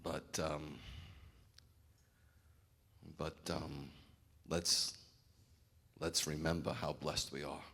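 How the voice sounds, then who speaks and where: Casual: middle aged rabbi preaching, real low voice, chatty and candid, tells stories. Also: male voice, level tone, extremely slow, gravelly, long pauses, sharp tone, slightly rough. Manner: candid, conversational preaching with storytelling and acted quotes. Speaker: rabbi, pastor of the congregation. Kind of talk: informal sermon.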